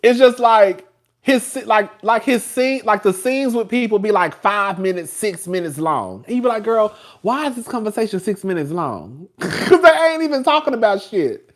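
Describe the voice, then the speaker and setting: A man chats casually on a live stream, full of sass and quick laughs. His voice swoops up and down with lots of expression, and he rambles from one point to the next. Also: high-pitched, animated. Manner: rambling, chatty and sassy, laughs often. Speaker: show host reviewing TV.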